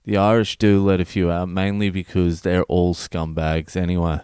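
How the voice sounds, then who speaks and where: Aussie bloke comedian ranting and swearing, low dark voice, smooth, dry close sound. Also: male voice, level tone, normal speed, no room sound. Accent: Australian. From Australia. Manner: profane, ranting. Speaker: comedian podcast host. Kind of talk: comedic monologue.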